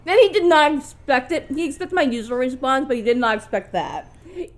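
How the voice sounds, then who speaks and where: A woman with a high, very animated voice chats earnestly about the game she is watching. She speculates freely and talks in a casual, friendly flow, her pitch leaping up and down. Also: brisk. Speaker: let's play co-host. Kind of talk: casual gaming commentary.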